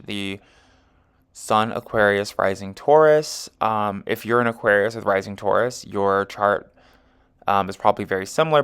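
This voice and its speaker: A man with a smooth, lowish, fairly bright voice works through an astrology chart. As an astrology and tarot reader, he rambles casually, heavy on fillers like "um" and "you know," and often revises what he's just said.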